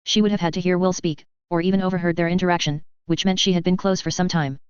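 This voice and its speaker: Brisk, crisp woman narrator. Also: on the low side, dry recording, highs cut off. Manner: brisk, steady reading. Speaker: audiobook narrator. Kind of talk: scripted narration.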